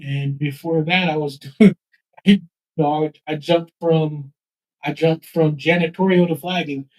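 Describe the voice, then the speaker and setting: This man, who sells a street paper and raps, talks loosely during an interview at a nonprofit office's live event, repeating himself and dropping into rap and beatbox. He speaks a little slowly in a high-ish, steady, slightly mellow voice, and the recording is rough.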